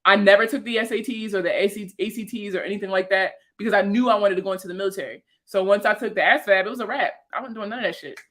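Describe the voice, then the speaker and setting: A woman around thirty with a Baltimore accent, hosting a casual livestream chat with viewers, slangy and profane and quick to laugh. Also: medium pitch, a bit bright. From Baltimore, USA. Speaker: host answering viewer comments.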